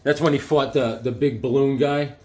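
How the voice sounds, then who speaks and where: A man talking casually and excitedly, rambling through his collection with lots of fillers and restarts. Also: medium pitch, moderate pace. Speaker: comic book collector reviewing issues. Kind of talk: casual show-and-tell vlog.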